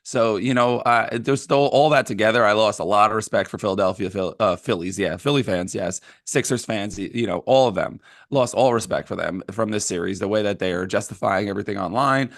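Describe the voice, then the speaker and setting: Gravelly New man telling sports stories. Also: fairly quick, few pauses, dry recording, studio quality. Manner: animated storytelling, acting out fans with sudden high yells. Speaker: podcast co-host. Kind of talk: casual sports chat.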